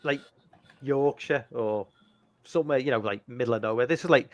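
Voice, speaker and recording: An English man talks loosely over a video call, piling up fillers and restarting his sentences as he goes. His voice sits mid-pitch and is recorded dry and close. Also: normal speed, no room sound. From United Kingdom. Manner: rambling, lots of fillers and restarts. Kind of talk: casual chat on a video call. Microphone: computer mic on a video call.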